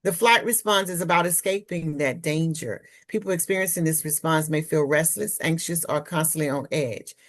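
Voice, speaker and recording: A woman's voice: sits low, normal speed, hardly any pauses. A woman presenting on trauma healing in a webinar, speaking candidly and personally from her own experience over a video call.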